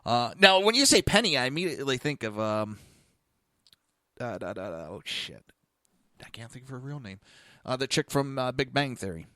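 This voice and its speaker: A man's voice: mid-range voice, big pitch swings, moderate pace, pauses often, sharp tone, dry recording, clean studio sound. A man hosting a podcast, telling a blunt, profane story in a casual monologue. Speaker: podcast host. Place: lives in Florida.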